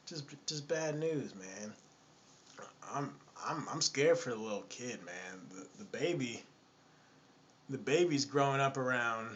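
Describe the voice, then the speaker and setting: A man's voice: mid-range voice, fairly bright tone, slight background noise. A man telling a casual anecdote in a chatty, exasperated way, often repeating himself. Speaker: storyteller.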